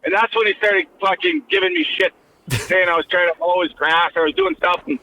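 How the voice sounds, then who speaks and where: A man's voice: high-pitched, very animated, fairly quick, bright, forceful tone, a little hiss or hum, poor audio. A man who is a guest on a podcast, bluntly retelling a fight story in casual chat with a lot of swearing. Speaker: guest, former hockey player.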